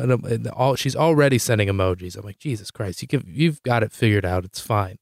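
A young man hosting a podcast, telling a comic story in a rambling, animated way, swearing freely and jumping high in pitch when he quotes himself. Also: quick pace, hardly any pauses, dry recording, clean studio sound. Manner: rambling with many "like" fillers and restarts. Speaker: podcast host. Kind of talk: comedic storytelling monologue.

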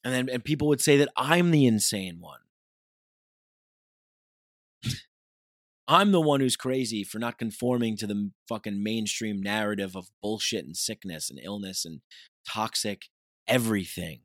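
A man's voice: on the low side, moderate pace, pauses often, dry recording, studio quality. A man delivering an intense, profane monologue that circles back on its own points. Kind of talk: ranting monologue.

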